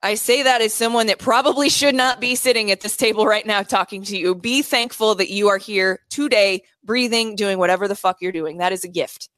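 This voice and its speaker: A woman's voice: medium pitch, a little fast, hardly any pauses, a bit bright, no room sound. Woman podcast co-host, frank and profane, dry close mic. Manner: blunt, swears a lot. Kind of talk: casual chat. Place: indoors at co-host's house.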